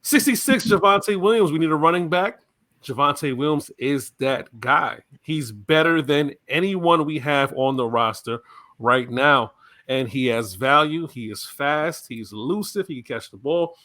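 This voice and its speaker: A man hamming up a swaggering pro-wrestler on the mic, all growl and bluster, leaning on the word "brother" as his voice leaps high and loud. The sound is close and dry, with no room around it. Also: no echo. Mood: hyped. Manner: growling hype, drawn-out shouts, keeps saying brother. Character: brash male pro-wrestler promo persona. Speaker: podcast co-host. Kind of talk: wrestling promo impression.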